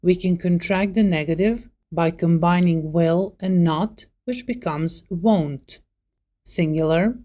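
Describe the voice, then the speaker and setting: Slow, mellow-voiced woman teaching grammar. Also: on the low side. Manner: slow, deliberate, listing example words one by one. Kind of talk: scripted lesson narration.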